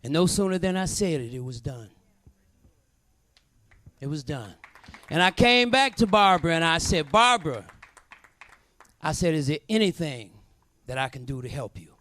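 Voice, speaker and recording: A man's voice: fairly high pitch, expressive, normal speed. A man talking from an outdoor stage between blues numbers, repeating phrases like a preacher as he makes an appeal and thanks his band. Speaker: singer and bandleader. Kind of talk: live stage talk between blues songs. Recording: live outdoor set with loud band. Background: live blues band with guitar.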